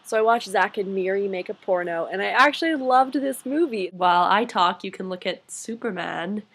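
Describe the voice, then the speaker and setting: A young woman from Colorado chatting casually to camera in a home vlog, bubbly and gushing with quick asides. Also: mid-range voice, a bit bright. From Colorado, United States. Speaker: vlogger. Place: home bedroom.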